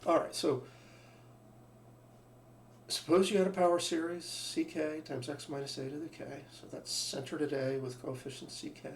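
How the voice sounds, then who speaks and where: Gravelly-voiced man lecturing in a roomy space. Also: on the high side, flat delivery, normal speed. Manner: thinking aloud, restarts, asks rhetorical questions. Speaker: math teacher. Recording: roomy sound from a distant mic, faint background hum.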